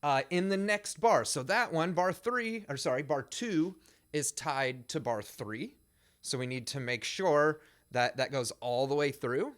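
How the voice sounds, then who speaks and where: A man's voice: on the high side, lively intonation, unhurried, fairly bright tone, slight background noise. A male percussion teacher with a Midwestern American accent, explaining audition excerpts and counting and scatting rhythms aloud. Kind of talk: instructional demonstration.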